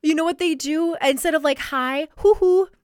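A woman's voice: high-pitched, steady tone, normal speed. A woman appearing as a guest on a campus radio show, teasing and giggling in casual chat. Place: radio studio.

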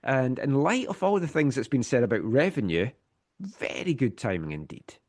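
A man's voice: mid-range voice, sing-song, normal speed. Man hosting a casual sports podcast. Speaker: podcast host. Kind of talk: casual sports news rundown.

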